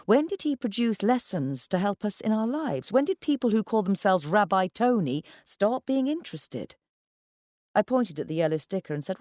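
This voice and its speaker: Guy reading a novel out loud, wry and chatty, dry close sound. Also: high-pitched, big pitch swings, moderate pace, no echo. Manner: wry, conversational storytelling. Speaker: audiobook reader. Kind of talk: first-person literary narration.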